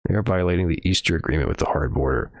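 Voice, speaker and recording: A man with a low voice drifts through casual stream commentary, hedging, swearing and trailing off into fillers. His voice is close and dry, recorded at a desk mic in a small home room. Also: rapid-fire, dry recording. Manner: rambling, profane, hedging with fillers. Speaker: streamer reading news.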